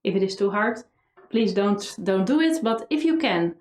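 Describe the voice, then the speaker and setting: A woman's voice: medium pitch, expressive, moderate pace. A woman violin teacher giving a lesson with energy, singing melody lines on syllables. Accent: Dutch. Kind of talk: instructional tutorial. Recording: echoey room, faint violin.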